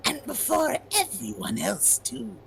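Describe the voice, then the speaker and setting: A woman's voice: big pitch swings, gravelly, fairly bright tone, a little hiss or hum, exaggerated voice. Woman voicing a sly, giggling young man. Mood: smug. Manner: slow, drawn-out delivery with wild pitch swings. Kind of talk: reading game dialogue aloud.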